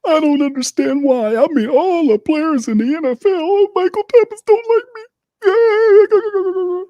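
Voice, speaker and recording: A man putting on a whiny, high, sing-song impression of a male quarterback to mock him. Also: unhurried, mellow, no echo, highs cut off.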